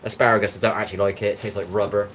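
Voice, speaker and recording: A man's voice: lowish voice, flat delivery, very fast, fairly bright tone, a little hiss or hum, low-quality recording. An English man hosting a casual livestream while he cooks, rambling and talking back to chat comments. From England. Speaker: livestream host.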